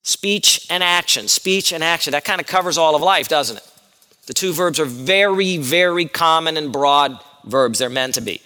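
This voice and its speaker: A man's voice: a little high, expressive, moderate pace, sharp tone, smooth, big-room sound. A male pastor giving an earnest expository sermon, explaining Greek words and asking his congregation questions.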